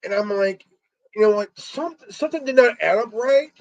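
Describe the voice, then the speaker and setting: A man ranting alone on his stream, angry, stumbling and repeating words, swearing and filling pauses with ums. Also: sits high, darkish tone. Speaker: stream host. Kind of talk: angry solo rant. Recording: dull lo-fi stream audio.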